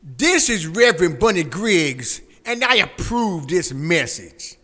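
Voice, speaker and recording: A man putting on a high, brash street reverend. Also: sing-song, slow pace, exaggerated voice. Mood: scoffing. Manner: drawling, repeats "man" constantly, sing-song. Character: brash street-talking male reverend, dismissive and loud. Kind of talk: comedy radio skit. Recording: loud hip hop music underneath.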